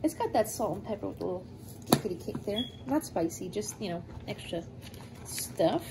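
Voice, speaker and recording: A cooking vlogger in her thirties chats casually as she cooks and eats at home, playful and talkative, sprinkling in cute rhyming made-up words. Her medium-pitched voice is creaky and moves at normal speed, over steady background noise in a home kitchen.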